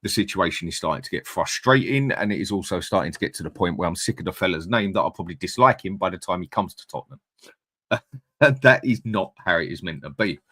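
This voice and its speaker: A man's voice: low voice, animated, quick pace, bright, forceful tone, no room sound, studio quality. A man hosting a live fan stream, chatting bluntly and reading out viewer comments. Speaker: fan channel host. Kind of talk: casual live-stream chat.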